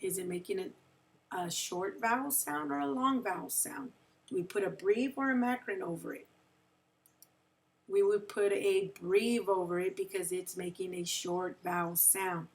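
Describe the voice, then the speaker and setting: A woman teacher walks young children through a phonics lesson at an unhurried, deliberate pace. She drags out each example word and keeps checking in with "right?" Her voice sits a little back from the microphone. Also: medium pitch, far from the mic. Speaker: second grade teacher.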